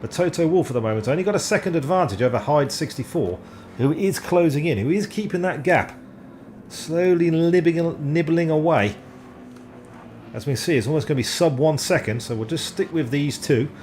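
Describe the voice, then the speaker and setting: A man giving live sim racing commentary, excitable and self-deprecating, often stumbling over driver names. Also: a little high, moderate pace, slight background noise.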